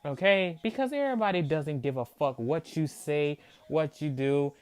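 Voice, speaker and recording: A man's voice: a little high, normal speed, smooth. A man hosting a sports reaction video, ranting in heated, profane disbelief and repeating himself for emphasis. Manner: mocking, disbelieving. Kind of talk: angry fan reaction rant.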